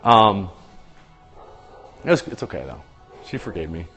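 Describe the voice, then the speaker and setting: A man's voice: on the low side, big pitch swings, a little slow, a bit bright, in a large hall, faint music behind. A man hosting a casual phone livestream, chatting loosely and reading out viewers' comments. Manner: chatty, reads viewer comments aloud and greets viewers by name. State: tired after a long day. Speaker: livestream host.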